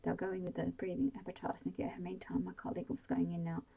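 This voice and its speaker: A woman's voice: lowish voice, completely flat delivery, quick pace, creaky, slightly rough, highs cut off. A woman in a whispered role-play, voicing a firm, official young male police officer.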